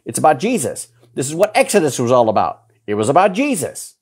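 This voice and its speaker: A man in his fifties preaching a sermon, emphatic and repetitive, his voice jumping suddenly in pitch to stress a point. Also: wildly swooping pitch, a little fast, breathy edge. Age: 50s.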